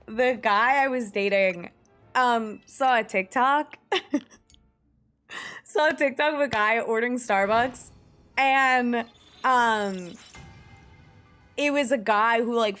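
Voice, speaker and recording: A woman's voice: a little high, fairly bright tone. A young woman streaming a game, chatting casually with her viewers, telling stories with lots of giggles and reading chat aloud.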